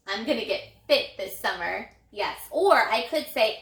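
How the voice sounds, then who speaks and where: A woman teaching an elementary phonics lesson, sounding out letters in a slow, encouraging, sing-song way. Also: on the high side, expressive, a bit bright, echoey room. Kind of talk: recorded phonics lesson for young children.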